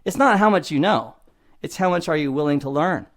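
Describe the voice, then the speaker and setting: A man in his fifties giving a motivational IT training lesson in an animated, conversational way, often laughing at himself. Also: on the high side, a little fast. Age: 50s. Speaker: IT instructor.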